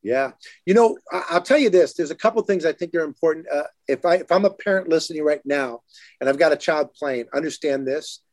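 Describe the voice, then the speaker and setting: A man hosting a casual chat, telling youth sports stories and acting out quotes in lively voices. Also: brisk, no echo, clean studio sound. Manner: animated, acts out quotes in lively higher voices.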